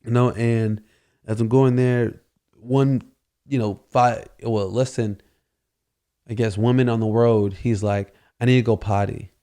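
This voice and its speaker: A man's voice: mid-range voice, steady tone, slow, long pauses, mellow, clear, resonant tone. A man hosting a podcast, telling a casual story and rambling with constant "you know" fillers. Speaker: podcast host.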